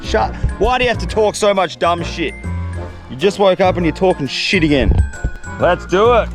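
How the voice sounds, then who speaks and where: A man talks to camera on a remote beach in a high voice that swings up and down. He is excitable, laughs a lot and curses at himself, with music under him. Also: normal speed. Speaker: survival and fishing vlogger. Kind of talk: casual talk to camera outdoors. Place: outdoors on a remote island beach.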